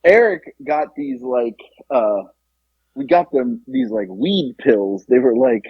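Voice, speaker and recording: Young male podcast co-host, husky, animated storyteller who acts out the voices. Dull, dry lo-fi sound. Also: slow pace, no room sound. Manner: animated, acts out quotes with jumps in pitch. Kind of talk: casual storytelling.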